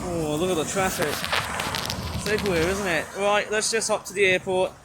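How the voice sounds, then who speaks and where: Man, high-pitched, excitable, out of breath, casual outdoor vlog, loud background noise. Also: fairly quick. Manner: excitable, exclaiming often. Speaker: vlogger. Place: outdoors in a park near an airport.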